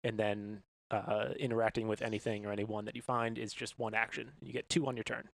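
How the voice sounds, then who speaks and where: A man's voice: lowish voice, level tone, brisk, vocal fry, dry recording. A man running a tabletop game as game master, explaining rules and describing rooms in an upbeat way, laughing between descriptions. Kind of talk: narrating a tabletop game on a podcast.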